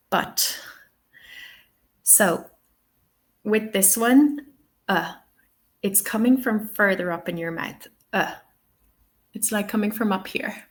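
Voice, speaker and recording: A woman's voice: on the low side, a bit bright. A woman with an Irish accent hosting an online lesson, patiently explaining and modelling each vowel sound. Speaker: English teaching webinar host. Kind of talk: online lesson, live webinar.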